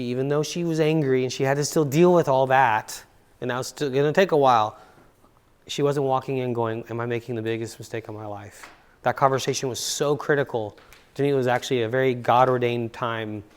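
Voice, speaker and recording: This middle-aged man, a counselor and seminar speaker, talks to an audience about relationships in a university seminar room, keeping it relaxed and story-driven. He is chatty and repeats words to stress them. His voice is medium in pitch, steady, brisk, clear and resonant.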